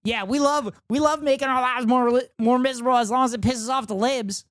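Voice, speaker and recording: A woman's voice: a little high, fairly quick, no echo, clean studio sound. A woman streamer reacting to a video in casual commentary, incredulous and profane.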